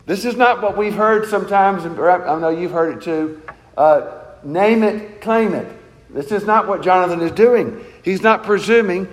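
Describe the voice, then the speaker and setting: A man's voice: high voice, moderate pace, long reverb tail, poor audio. A man preaching a sermon in an earnest, emphatic way, asking rhetorical questions. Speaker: pastor.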